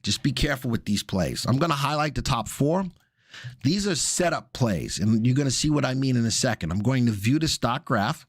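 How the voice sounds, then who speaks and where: A man's voice: medium pitch, expressive, a little fast, husky, no echo. Male market-analysis host, casual live commentary, mid-range voice, dry close sound. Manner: casual, chatty, jokey asides.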